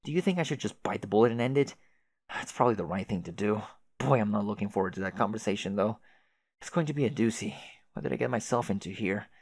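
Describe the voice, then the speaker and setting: A man's voice: lowish voice, expressive, quick pace, creaky, dry recording. A man voicing a chatty, oblivious young male adventurer who rambles with old-fashioned folksy exclamations. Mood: rambling.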